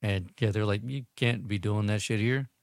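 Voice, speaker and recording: A man's voice: lowish voice, normal speed, dry recording, studio quality. A man hosting a casual chat among friends, laid-back and laughing often, with profanity and frequent restarts.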